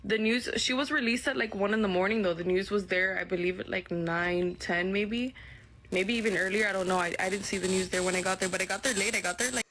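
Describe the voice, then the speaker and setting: A woman's voice: mid-range voice, fast talker, a bit bright, slight background noise. Rambling woman telling a story. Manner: rambling, heavy use of "like" and "whatever". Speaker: witness recounting events in a clip. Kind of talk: casual storytelling.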